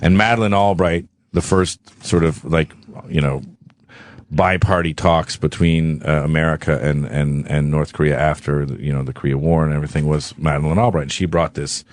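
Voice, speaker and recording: Deep-voiced man, rambling and profane. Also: fairly even intonation, moderate pace, no echo. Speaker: studio guest. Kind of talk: casual storytelling on talk radio.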